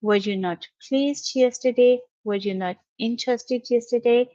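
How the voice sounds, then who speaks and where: A woman teaching basic English grammar, explaining each step slowly and patiently over a screen lesson. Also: on the high side, mellow, no room sound. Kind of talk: slow, careful classroom explanation. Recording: dull, dry lo-fi audio.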